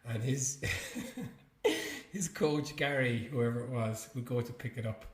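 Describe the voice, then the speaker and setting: Male podcast co-host, relaxed and laughing; echoey room sound. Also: mid-range voice, measured pace. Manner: relaxed, laughs often, tees up audio clips. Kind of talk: casual chat.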